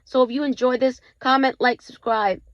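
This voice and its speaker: A woman's voice: high-pitched, steady tone, normal speed, dull audio. A woman host giving a casual health talk to her viewers, emphatic and full of rhetorical questions. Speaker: channel host.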